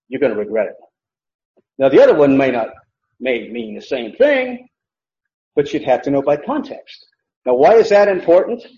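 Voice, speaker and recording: Brief: male preacher, slightly high pitch, emphatic teaching tone, lo-fi echoey church recording. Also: a little mellow. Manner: emphatic, rhetorical questions to the congregation. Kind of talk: sermon teaching.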